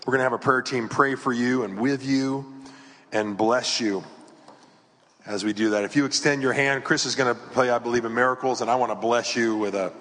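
A man preaching a sermon from the pulpit, his voice slightly husky and breathy. He delivers it conversationally, with sudden punchy bursts and soft, hushed asides. The sound carries the long, ringing reverb of a church hall. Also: mid-range voice, fairly even intonation, fairly quick. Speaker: pastor. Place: church sanctuary.

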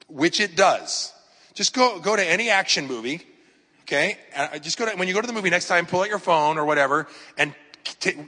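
In a large church, a pastor in his fifties speaks with a slightly high, bright voice, addressing the room like a friend. His conversational sermon relies on stories and rhetorical questions, and a long hall reverb rings through the sound.

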